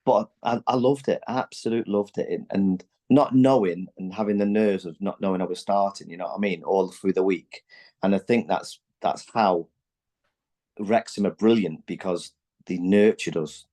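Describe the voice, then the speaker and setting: A man in his forties, a former footballer, telling animated stories in a candid podcast chat and acting out what his teammates said. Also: deep voice, moderate pace. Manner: animated, acts out quotes from teammates; loose, chatty, many fillers and restarts.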